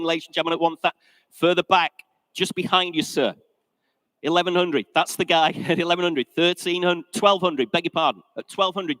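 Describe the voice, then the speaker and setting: A brisk English auctioneer calls bids in a sale room, rattling through prices and bantering with the bidders. His voice sits fairly high and the sound is close and dry. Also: a bit bright, dry recording, poor audio. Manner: brisk, chatty, jokes with bidders. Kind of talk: live auction calling.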